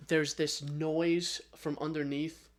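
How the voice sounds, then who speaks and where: A man co-hosting a casual podcast, his voice sitting a little higher than most men's. He rambles through a retelling, full of ums and restarts, and now and then slips into quick acted-out lines. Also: level tone. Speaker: podcast co-host. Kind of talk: casual chat.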